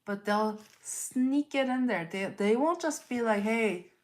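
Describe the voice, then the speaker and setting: A woman's voice: on the high side, a little slow. A woman giving a live tarot reading, earnest and repetitive, full of rhetorical questions. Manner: earnest, repeats herself, asks rhetorical questions. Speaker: tarot reader.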